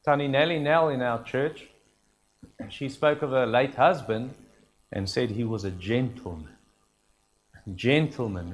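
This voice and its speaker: Earnest preacher man. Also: fairly high pitch. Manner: earnest, emphatic, repeats key phrases. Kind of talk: sermon.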